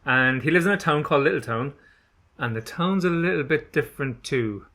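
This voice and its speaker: A man, the author of a children's book, casually introducing his reading in a chatty, relaxed way and slowing down for emphasis. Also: a little high.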